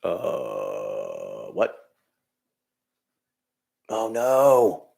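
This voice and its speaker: A man's voice: extremely low pitch, huge pitch swings, extremely slow, gravelly, a little mellow, slightly rough. A man hosting a casual livestream, rambling and ranting about filmmaking with lots of restarts and reading chat comments aloud.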